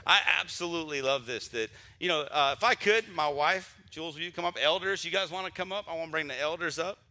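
Bright-voiced male pastor leading prayer. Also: on the high side, quick pace. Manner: warm, emotional, repetitive restarts. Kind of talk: church announcements and prayer. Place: church sanctuary during service.

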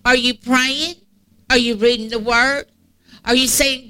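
Tearful woman preaching, bright and dry. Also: fairly high pitch, steady tone, unhurried, clear, resonant tone, no room sound. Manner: emphatic, repetitive preaching cadence. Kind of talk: sermon. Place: church sanctuary.

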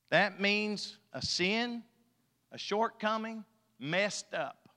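A male pastor preaching a sermon, emphatic and folksy, his loudness rising and falling. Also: high voice, lively intonation, extremely slow. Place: church sanctuary. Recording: long church hall reverb.

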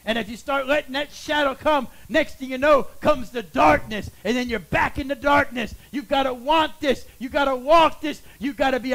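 A man with a very high voice preaches a sermon as a pastor. He is middle-aged and swings between loud, ringing calls and soft, hushed lines. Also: moderate pace, gravelly, few pauses, low-quality recording.

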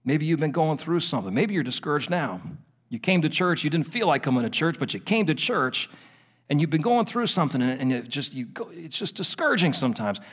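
Casting: male pastor, fervent sermon delivery, emphatic repetition, slightly high voice. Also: big pitch swings, brisk, husky. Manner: fervent, emphatic, repeating phrases for effect.

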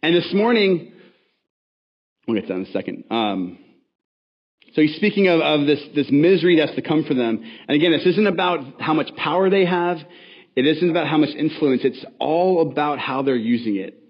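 A man's voice: fairly high pitch, lively intonation, normal speed, dull audio. A man preaching a sermon as pastor, in a conversational, casual manner with frequent self-corrections and asides.

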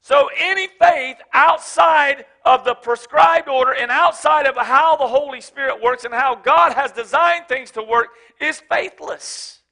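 A man preaching a sermon as pastor, swinging from shouted emphasis to low, joking asides. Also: unhurried, gravelly, few pauses. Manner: casual, joking, speaks of his wife.

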